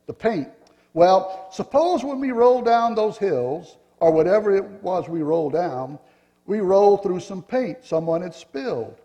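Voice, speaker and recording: A man voicing a yellow wooden figure who confidently explains everything in a storybook reading. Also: sits high, animated, unhurried, long reverb tail. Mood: insistent. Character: know-it-all yellow wooden male figure.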